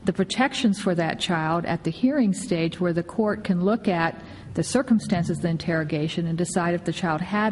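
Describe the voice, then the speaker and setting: A woman's voice: fairly low pitch, darkish tone. A woman judge pointedly and skeptically questioning an attorney in court. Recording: reverberant courtroom with faint room noise.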